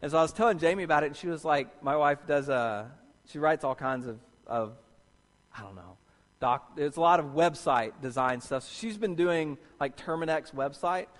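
A man preaches in a high, bright-edged voice, telling his story with lively, acted-out reactions. His words ring with the long reverb of a large hall. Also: normal speed. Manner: animated storyteller, acts out his own reactions. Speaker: pastor. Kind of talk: sermon with personal anecdote.

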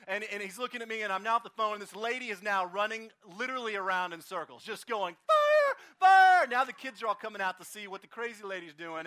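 Male pastor, high and bright, animated storyteller, outdoor service. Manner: animated, acts out voices in anecdotes. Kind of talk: storytelling sermon.

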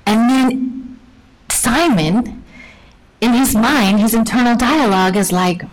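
A woman's voice: on the high side, slow, pauses often, poor audio. A woman giving a casual Bible teaching to women, chatty and full of "like", acting out the story as she tells it. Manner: chatty, peppered with "like", acts out the story. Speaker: women's ministry speaker.

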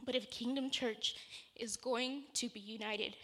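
A woman's voice: fairly high pitch, fairly even intonation, measured pace, a bit bright. A woman preacher giving a sermon, telling a personal story in an earnest, conversational way before moving into scripture.

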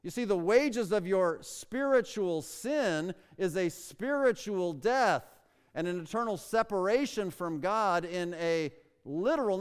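A man preaching a sermon in a slightly high, smooth, resonant voice, pressing hard on key words and firing rhetorical questions at his listeners. His voice rings out with the long reverb of a large hall. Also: lively intonation, moderate pace. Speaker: pastor.

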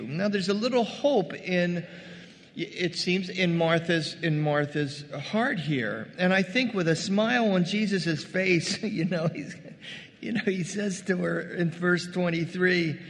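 A male pastor delivering a conversational, animated sermon, calling his congregation "gang" and acting out scripture scenes. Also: fairly high pitch, a little slow, big-room sound. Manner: addresses the congregation as "gang" and "guys".

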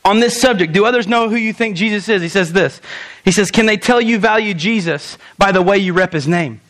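A young man preaching a sermon as pastor, animated, asking rhetorical questions and acting out quoted lines. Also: high-pitched, fairly quick.

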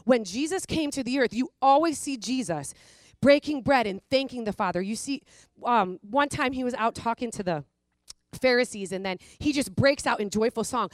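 A woman giving an informal Bible teaching, chatty and animated, often checking in with her listeners and acting out prayers with a laugh. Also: high-pitched, normal speed, dry recording. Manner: conversational, animated, checks in with "okay?" and "right?"; acts out prayers and quotes with laughing asides.

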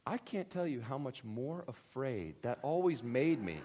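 A man preaching a sermon, animated and humorous, swinging between loud excited bursts and hushed, quiet emphasis. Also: mid-range voice, takes it slowly, slight background noise. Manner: humorous storytelling asides. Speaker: pastor.

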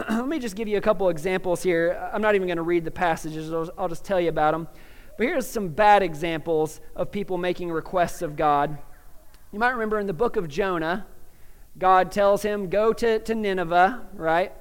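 A man preaching a sermon in a casual, animated way, stumbling into quick restarts and laughing at his own jokes. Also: high-pitched. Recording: long reverb of a large hall.

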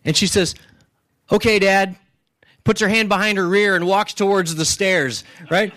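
Guy preaching, talky and casual, fairly high voice, keeps asking "right?" and restarting words. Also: moderate pace, pushed and bright. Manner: conversational, keeps checking in with "right?"; retells stories with restarts and acted asides. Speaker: pastor. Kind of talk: sermon.

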